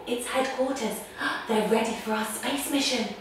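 A woman's voice: medium pitch, lively intonation, measured pace, slight background noise. A woman leading a guided story-time yoga class for children, playful, gasping and making beeping sound effects. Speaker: kids' yoga teacher. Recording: echoey room, distant mic.

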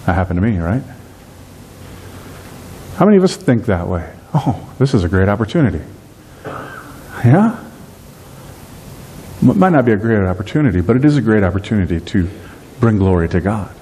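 A middle-aged man preaching a sermon as pastor, lively in delivery and slowing down to stress key phrases. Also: lowish voice, a little hiss or hum. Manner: dynamic preaching, slows on key phrases, acts out everyday voices.

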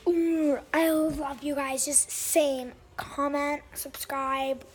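A young girl vlogging casually at home, gushing and excitable, often dropping into whispers. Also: high voice, slow. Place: home, indoors.

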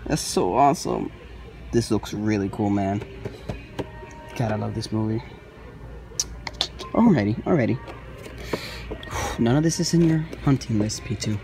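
A man in his thirties vlogging while toy hunting, talking to himself in stores and his car, excitable and given to muttering and Spanish exclamations. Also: fairly low pitch, unhurried, creaky, pauses often, music in the background. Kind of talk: casual self-talk vlog.

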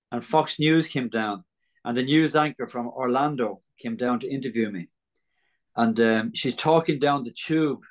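An Irish man as an interview guest, giving an earnest testimony and acting out the voices of people in his story. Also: mid-range voice. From Ireland.

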